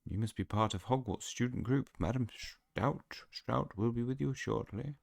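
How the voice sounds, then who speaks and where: A man voicing a harried hospital receptionist in a video game, brisk and dismissive. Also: medium pitch, vocal fry, no room sound, clean studio sound, pitched above the performer's own voice. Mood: brisk, busy.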